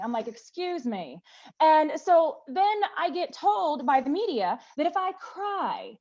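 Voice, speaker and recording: A high, emphatic woman from the American South speaks on a panel, acting out the people she quotes. Her voice comes through a dull, lo-fi line. She is middle-aged and animated. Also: slow pace. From Southern United States. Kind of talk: panel discussion.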